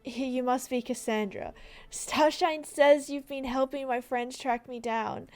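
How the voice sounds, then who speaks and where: A kind, brave young heroine from a fantasy horse game, earnest and caring as she offers help, read aloud by a woman. Her voice is high and measured. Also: fairly even intonation, darkish tone. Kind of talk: reading game dialogue aloud.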